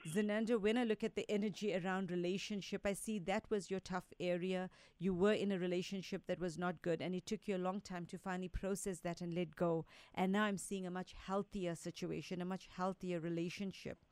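A woman's voice: on the low side, steady tone, fairly quick, few pauses, a little mellow, clear, resonant tone, no room sound. Brief: woman, radio psychic, direct and soothing, dry close studio sound. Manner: direct, reassuring, relays messages as quotes. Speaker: resident psychic medium. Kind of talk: radio call-in psychic readings.

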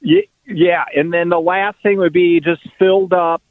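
Easygoing guy calling into radio, kinda high voice, tinny phone line. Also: fairly even intonation, a little slow, no echo. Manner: rambling, good-natured, lists complaints. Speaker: caller. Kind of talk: phone call to a radio show.

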